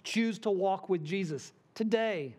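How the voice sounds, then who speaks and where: Guy with a pretty high voice preaching in church, chatty asides, little jokes. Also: a little slow, a little mellow. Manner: conversational preaching with asides and self-deprecating jokes. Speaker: pastor. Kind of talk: sermon. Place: church sanctuary.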